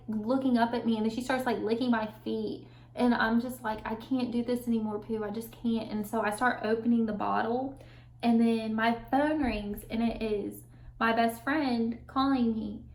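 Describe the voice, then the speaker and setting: A woman's voice: on the high side, reverberant, poor audio. A young woman telling her personal story in a vlog, earnest and candid, with restarts and nervous laughs. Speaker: vlogger. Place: at home with her dog nearby.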